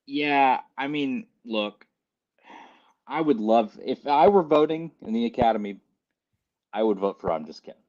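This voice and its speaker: A man's voice: medium pitch, expressive, a little slow, long pauses, a little mellow, no room sound, dull audio. A man guesting on a movie podcast, giving emphatic opinions in casual talk. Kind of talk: casual chat.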